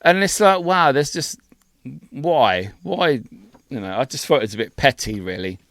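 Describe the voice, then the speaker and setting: A man's voice: mid-range voice, very animated, moderate pace, fairly bright tone, no room sound. A man co-hosting a podcast, ranting indignantly and swearing freely in casual chat. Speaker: podcast co-host.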